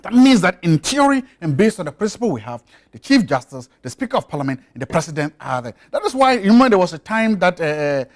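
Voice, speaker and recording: Emphatic man with lively pitch. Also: fast. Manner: emphatic, insistent, repeats his points. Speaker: studio guest analyst. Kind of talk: emphatic studio discussion. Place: television studio.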